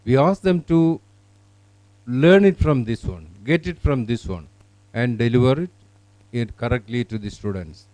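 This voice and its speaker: Presenter: man, halting product demo, mellow tone, dry close sound. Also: medium pitch, lively intonation, dry recording, rough recording. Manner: halting, many fillers. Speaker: software presenter. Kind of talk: product demonstration.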